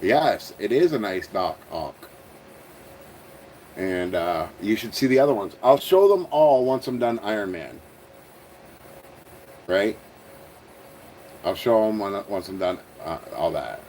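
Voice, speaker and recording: A man's voice: fairly low pitch, expressive, slow, long pauses, darkish tone, a little hiss or hum, low-quality recording. A man with an Ontario Canadian accent, hosting a casual livestream. He rambles, chuckles at himself and trails off into mumbles while answering viewers. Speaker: host of a toy-building channel.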